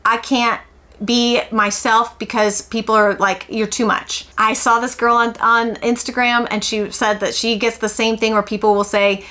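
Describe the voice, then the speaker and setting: A woman's voice: on the high side, little pitch movement, normal speed, bright, forceful tone. A woman, talking in a candid confessional vlog in an emphatic, outspoken and self-mocking way. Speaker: homeschool vlogger.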